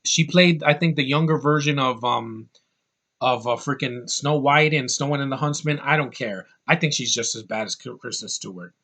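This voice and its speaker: A man's voice: mid-range voice, moderate pace, pushed and bright. A man giving an angry, profane film review, full of sarcastic asides. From United States. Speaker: movie reviewer.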